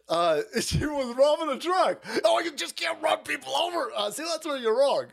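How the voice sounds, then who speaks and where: High-voiced guy ranting on his stream, swears constantly, cackles, voice jumps all over. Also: expressive, normal speed, creaky, hardly any pauses. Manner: foul-mouthed, laughs often, mocking squeals. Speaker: streamer host. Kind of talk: profane ranting commentary over videos.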